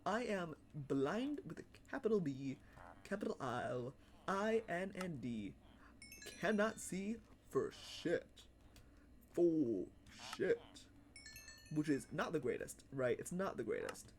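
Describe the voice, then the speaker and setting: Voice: medium pitch, animated, normal speed, a little mellow, a little hiss or hum. A livestreamer chatting casually while playing a game, rambling, repeating phrases and laughing often. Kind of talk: casual live-stream chat while gaming.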